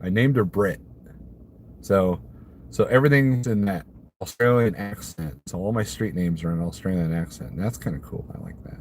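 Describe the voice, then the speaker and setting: A man's voice: low voice, normal speed, darkish tone, slight background noise. A man from Missouri, a trucker hosting a casual live stream, rambling and answering viewer comments while chuckling at his own jokes. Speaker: trucker livestreamer.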